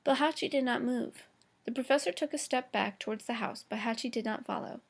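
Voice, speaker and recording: Woman teacher, higher voice, reads a chapter aloud to the class, slow, fixes her own slips. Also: gravelly. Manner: slow, careful reading with small stumbles and self-corrections.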